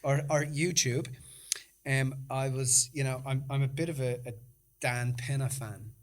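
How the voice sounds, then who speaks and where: A man's voice: medium pitch, a little slow. A middle-aged man, co-hosting a casual podcast, telling stories with lots of swearing and laughter. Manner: animated, sweary storyteller, laughs often. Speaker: podcast co-host. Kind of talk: casual chat.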